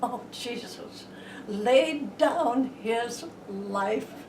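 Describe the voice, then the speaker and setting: A woman gives a folksy Bible lesson, slow and unhurried, now and then sinking to a hush. Her voice sits a little high. The sound is distant and roomy, with a faint hiss behind it. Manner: homey and chatty, dropping to hushed tones. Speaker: Bible teacher.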